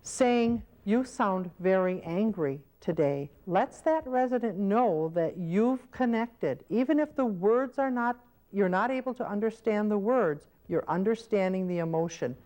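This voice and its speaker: A woman's voice: medium pitch, measured pace, warm tone. A woman teaching caregivers in an instructional training video, explaining patiently and acting out short example scenes. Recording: old VHS training tape.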